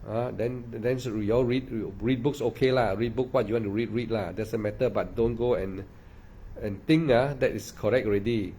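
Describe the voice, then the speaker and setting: A man's voice: mid-range voice, fairly even intonation, normal speed, mellow, slight background noise. A man giving a meditation dharma talk, repeating himself and peppering his speech with "ah" and "lah". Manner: repetitive, emphatic, with frequent "ah" and "lah". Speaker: meditation teacher.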